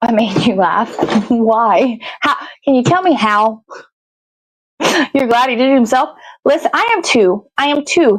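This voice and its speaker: A woman's voice: fairly high pitch, lively intonation, moderate pace, no echo, low-quality recording. A woman hosting a morning show, chatting casually and rambling to herself as she bakes in her kitchen, swearing freely. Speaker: host. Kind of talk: casual chat while baking. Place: home kitchen.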